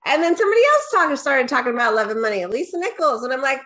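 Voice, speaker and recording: A lively middle-aged woman, a guest business coach, tells her story in a casual interview. She talks fast with few pauses, quoting herself in a rising pitch and sprinkling in "right?" and "da, da, da."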